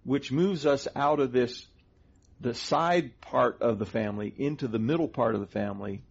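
Husky middle-aged male Bible teacher, earnest and methodical, on a dull lo-fi recording. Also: mid-range voice, normal speed. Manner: earnest, explains doctrine step by step. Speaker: co-host of a Christian teaching show. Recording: dull lo-fi sound.

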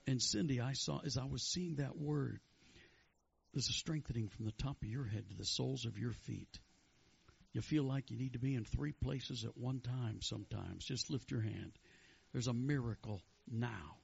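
A fervent male preacher with a gravelly, slightly husky voice, chanting praise and calling out to the congregation. The sound is dull and lo-fi. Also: mid-range voice, moderate pace. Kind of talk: sermon with prophetic words.

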